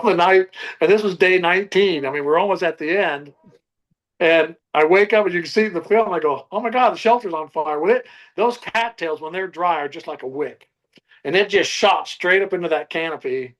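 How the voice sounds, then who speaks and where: A man's voice: on the high side, rough recording. Older man telling a survival story. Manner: animated storyteller, acts out his own quotes. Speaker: survivalist guest. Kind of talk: storytelling interview.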